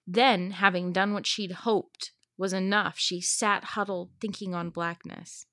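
A young woman reading a science fiction novel aloud to friends, expressive and chatty, laughing between passages. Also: mid-range voice, a little slow, dry recording, studio quality. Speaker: reader.

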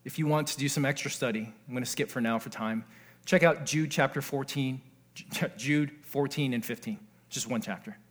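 Here a man leads a sermon as pastor, his mid-range voice moving at a normal speed. He is earnest, swinging from soft, intimate passages to excited exclamations, and trades jokes with the congregation.

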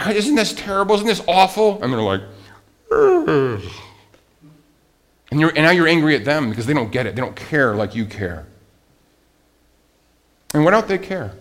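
A man preaching a sermon as a pastor, animated, with rhetorical questions and swings from loud emphasis to quiet asides. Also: mid-range voice, a little fast, long pauses.

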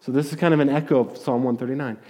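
A man's voice: mid-range voice, fairly even intonation, very fast, warm tone. A man preaching a sermon in a conversational, storytelling way, often restarting his words. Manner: storytelling, acting out voices in quotes. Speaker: pastor.

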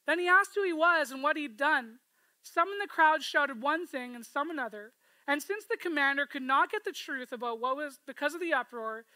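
A woman preaching a sermon, retelling a scripture story with expressive, storytelling delivery and asking listeners to imagine the scene. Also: high-pitched, no room sound, rough recording.

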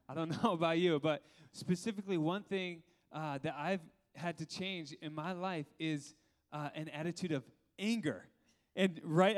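A pastor in his thirties delivers a sermon with a notably high voice for a man. He keeps it lively, laughs along the way and often turns to the congregation with questions.

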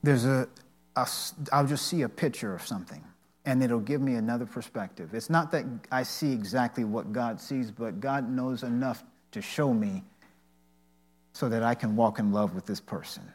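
An earnest man giving a devotional teaching in a mid-range voice. He tells personal stories in a halting way and often restarts his sentences. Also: mid-range voice.

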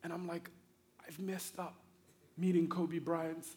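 A man from Africa preaching a sermon through a personal story, animated and swinging between hushed tones and excited shouting. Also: on the high side, unhurried.

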